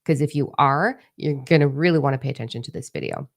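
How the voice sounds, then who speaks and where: A middle-aged woman with a low voice talks through a spiritual live stream in a loose, rambling way. She swears freely and keeps her delivery frank and animated. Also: fast talker, creaky. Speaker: spiritual channel host. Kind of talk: casual live-stream talk.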